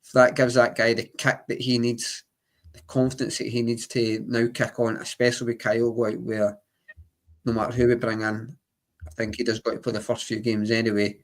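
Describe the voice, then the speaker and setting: A man's voice: medium pitch, flat delivery, brisk. A man co-hosting a football podcast, chatting casually and circling back over his words. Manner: chatty, repeats himself, laughs now and then. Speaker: podcast co-host.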